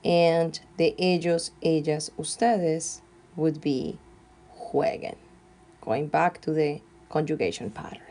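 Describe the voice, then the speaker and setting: A woman teaching Spanish grammar, slowly and carefully dictating verb forms one at a time. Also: sits low, dark tone. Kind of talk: classroom grammar lesson.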